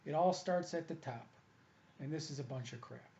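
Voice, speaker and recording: A man's voice: on the high side, moderate pace, vocal fry, mellow, slight background noise. Combative ranting man, dull lo-fi audio. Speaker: hitting coach and columnist. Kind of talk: opinionated monologue.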